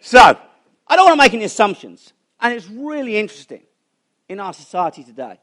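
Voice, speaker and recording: A middle-aged conference speaker gives a chatty, humorous, sermon-style talk to a church audience, telling self-deprecating stories. His voice sits high and a bit bright, and he is very animated, speaking a little fast.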